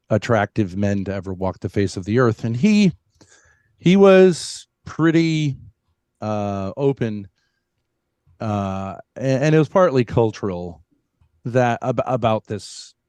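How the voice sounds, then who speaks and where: A man on a debate panel, speaking haltingly, with many pauses and restarts. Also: fairly low pitch, a little mellow, dry recording. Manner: halting, full of fillers and restarts. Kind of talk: heated debate.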